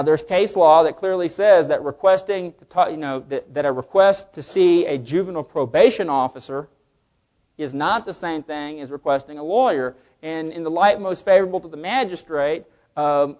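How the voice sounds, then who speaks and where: A man teaching a class on legal cases, often putting questions to the room and answering them himself. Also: on the high side. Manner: animated, asks the class questions. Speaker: legal instructor. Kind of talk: lecture to a class.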